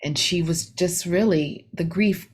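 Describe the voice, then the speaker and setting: Woman meditation teacher, deep voice, telling a story slowly, lots of "you know"s and restarts. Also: breathy edge. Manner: reflective, unhurried, poses rhetorical questions; frequent fillers and self-corrections. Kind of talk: dharma talk retelling a story.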